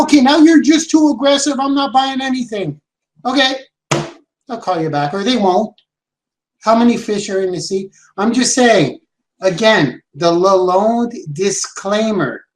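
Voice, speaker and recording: A man giving an energetic sales training talk, repeating his key points for emphasis. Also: sits high. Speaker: sales and branding coach. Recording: roomy echo.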